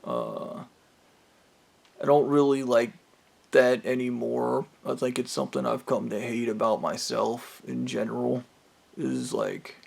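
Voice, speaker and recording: A man at a middle pitch talks in a rough, gravelly voice. He rambles through a bitter personal monologue, profane and scornful. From United States. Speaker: vlogger. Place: trailer park home.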